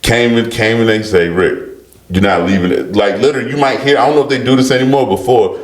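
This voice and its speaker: A former football player telling stories as a guest, animated and laughing. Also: male voice, mid-range voice, fast. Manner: animated storyteller, laughs and acts out quotes. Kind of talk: storytelling interview. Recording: roomy studio.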